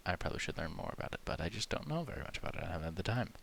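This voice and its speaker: A man's voice: sits low, big pitch swings, rapid-fire, creaky, a bit bright, a little hiss or hum. A man hosting a parody video, rambling through mock-serious conspiracy commentary with lots of fillers and hesitations. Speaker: video host.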